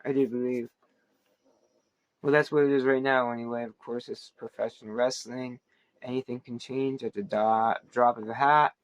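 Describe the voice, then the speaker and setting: A man's voice: medium pitch, steady tone, moderate pace, no room sound, dull audio. A man hosting a wrestling podcast, giving a casual, rambling recap full of fillers, restarts and playful asides.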